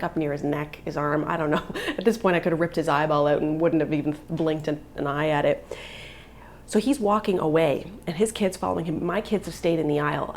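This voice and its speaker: A mother vlogging live retells an upsetting story, agitated and emotional, packing it with "like." Her voice is low-pitched, with slight background noise.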